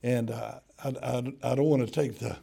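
A man preaching a sermon as pastor, swinging from loud calls to hushed tones and repeating words in bursts. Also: medium pitch, fairly even intonation, moderate pace, gravelly, husky.

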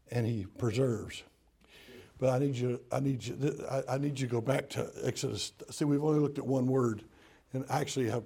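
A pastor with a gravelly, husky mid-range voice preaches a sermon, swinging from loud calls to hushed tones. He repeats words in bursts.

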